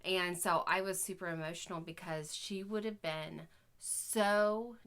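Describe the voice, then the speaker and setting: A woman's voice: on the low side, steady tone, measured pace, a bit bright. A woman in her thirties co-hosting a family podcast, chatting casually, laughing often and talking openly about her feelings. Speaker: podcast co-host. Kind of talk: casual chat.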